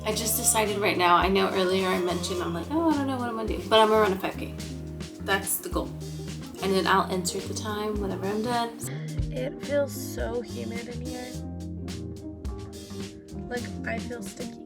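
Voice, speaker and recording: Young woman fitness vlogger, casual and rambling, mid pitch, music bed underneath. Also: steady tone, moderate pace, creaky, pauses often. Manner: chatty, self-encouraging, rambling with fillers. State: out of breath after running. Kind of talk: casual vlog chat.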